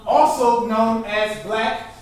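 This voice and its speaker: A man's voice: high-pitched, fairly even intonation, slow pace. A man giving an artist talk as a performance poet, teaching in an interactive call-and-response style and prompting his audience to finish his phrases. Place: lecture hall with a live audience. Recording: echoey hall recording from far off.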